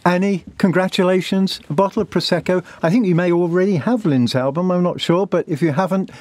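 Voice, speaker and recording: A man presenting a music quiz on a live show, announcing the answers and winner in a relaxed, friendly way. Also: high-pitched, fairly quick, dry recording. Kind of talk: casual quiz round-up.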